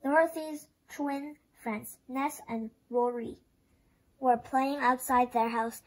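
A woman reading a children's story aloud, with expressive storytelling. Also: high voice, takes it slowly, poor audio. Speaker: storybook reader.

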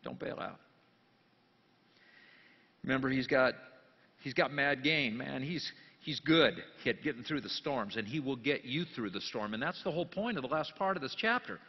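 A pastor giving a jokey sermon, dropping to quiet asides and then rising into loud, emphatic bursts. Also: male voice, mid-range voice, expressive, fairly quick, breathy edge. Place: church sanctuary. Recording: long church reverb, dull lo-fi sound.

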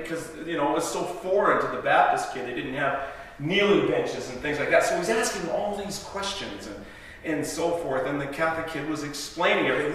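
A man's voice: on the high side, expressive, a little fast, fairly bright tone, a little hiss or hum. A man giving a guest sermon, telling stories in a chatty, self-interrupting way and laughing at his own jokes. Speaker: guest preacher. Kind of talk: storytelling sermon. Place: church sanctuary. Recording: echoey hall, distant mic.

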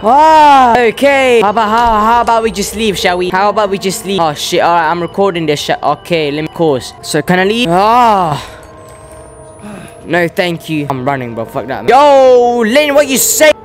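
A man's voice: high voice, lively intonation, moderate pace, soft background music. A man, commentating a horror game playthrough, jittery and swearing, talking back to the characters. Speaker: gaming channel host.

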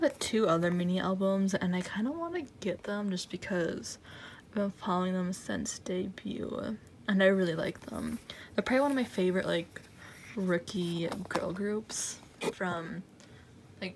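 Young woman unboxing at night, slow gravelly voice, gets all gushy and whispery, noisy home recording w clicks. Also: mid-range voice. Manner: excited, gushing, often drops to a whisper. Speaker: unboxing vlogger. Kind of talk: casual unboxing chat. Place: room at night, indoors.

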